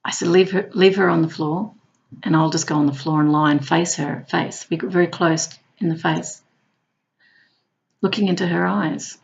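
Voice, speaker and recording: A woman who works as a hospital clown tells her stories playfully, now and then jumping into high squeals. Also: steady tone, normal speed, vocal fry, muffled recording. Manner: warm, playful, bursts into high squeals when acting out clowning. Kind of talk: personal storytelling.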